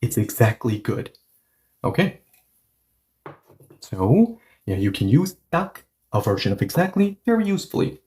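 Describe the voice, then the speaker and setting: A man whose first language is Korean teaches a casual lesson, thinking aloud in a medium-pitched voice. He strings his points together with "okay, so" and rhetorical checks to the viewer. He slows down and repeats the Korean example phrases several times. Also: big pitch swings, a little mellow. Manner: explains step by step, thinks aloud with lots of "okay, so" and rhetorical questions.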